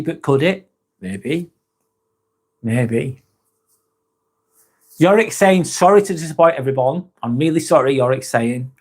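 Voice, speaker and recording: A man hosting a casual live chat, reading viewer comments aloud, laid-back, laughing often and swearing freely. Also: mid-range voice. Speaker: livestream host.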